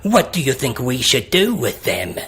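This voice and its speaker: A man voicing a gruff, suspicious horned creature loading a ship, speaking roughly and ordering people about. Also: mid-range voice, very animated, moderate pace, fairly bright tone, exaggerated voice. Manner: rough, ungrammatical, bossy.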